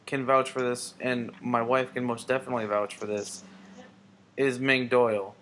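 A man co-hosting a casual podcast, talking in a relaxed, conversational way. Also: medium pitch, moderate pace, a little hiss or hum.

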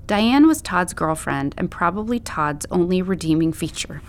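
A woman narrating a story as an audiobook in a steady, measured way. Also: on the low side.

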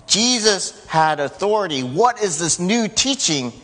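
A man preaching a sermon to his church in a conversational way, rising loud when he quotes. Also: high voice, big pitch swings, unhurried. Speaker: pastor. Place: church sanctuary. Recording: church hall reverb.

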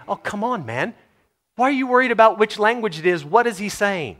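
Texan male preacher, higher-pitched voice, animated sermon delivery. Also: brisk. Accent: Texan American. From Texas. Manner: animated, swings from quiet to loud and laughs often.

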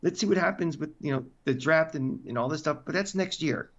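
A man's voice: fairly high pitch, brisk. Emphatic man ranting on a lo-fi podcast. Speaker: podcast co-host. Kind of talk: casual sports chat.

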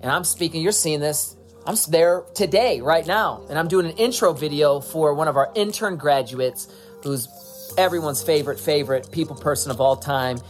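A man's voice: fairly high pitch, moderate pace, soft background music. A man, the church pastor, energetically introducing a guest speaker. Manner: energetic, hype-building. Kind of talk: sermon introduction.

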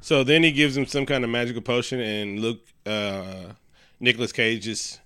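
A man with a bright, crisp voice, recapping a film for a casual podcast chat. He tells the story in an animated way and drops into quick character voices. The sound is close and dry. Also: medium pitch, no echo. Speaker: podcast co-host.

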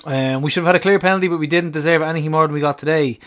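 Jokey football podcast co-host. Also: male voice, fairly high pitch, very fast, a bit bright. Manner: jokey, laughs often, swears casually. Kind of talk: casual football fan chat.

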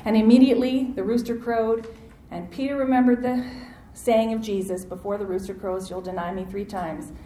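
A woman preaching a sermon, lively and acting out the voices in the story, calling on her listeners to answer back. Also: fairly high pitch, moderate pace, echoey room, a little hiss or hum, poor audio. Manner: animated, acts out quoted voices, asks audience to respond.

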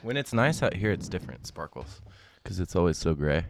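A man's voice: sits low, big pitch swings, brisk, creaky, a little hiss or hum. A man chatting as a podcast guest, easygoing and jokey, a bit stoned. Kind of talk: casual chat. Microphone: studio mic without headphones.

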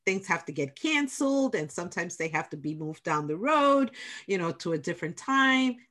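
A woman's voice: fairly low pitch, sing-song, moderate pace, a bit bright. A middle-aged woman with a New York accent, hosting a casual podcast interview and stressing her points with repetition and encouragement. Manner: emphatic, repeats key points, encouraging. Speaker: podcast host, small business center director.

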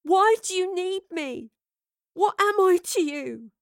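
Lady doing a desperate young woman, high pitched and loud, in a story reading. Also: expressive, takes it slowly, gravelly, dry recording, clean studio sound, full character voice. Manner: high, loud, pleading cries.

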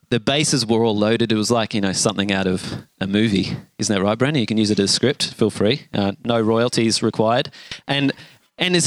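A middle-aged man, preaching a sermon and acting out a lively story. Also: medium pitch, no room sound. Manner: animated storyteller, acts out voices with shouts and gasps. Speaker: pastor.

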